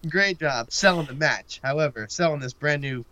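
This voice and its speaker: A man's voice: a little high, moderate pace, pushed and bright. A man co-hosting a podcast, giving a casual, rambling play-by-play recap of a wrestling match and laughing often. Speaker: podcast co-host.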